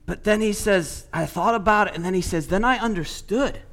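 A man's voice: high voice, moderate pace, fairly bright tone. A man preaching a sermon, retelling a story with quoted speech and building to emphatic points.

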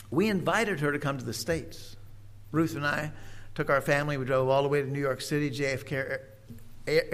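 An older man, a preacher, telling a personal story in a folksy, unhurried way with many pauses and fillers. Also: on the high side, fairly bright tone.

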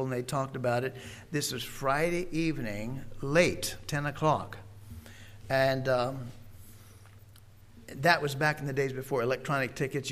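An older man, a preacher, telling a personal story in a folksy, unhurried way with many pauses and fillers. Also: medium pitch, fairly bright tone.

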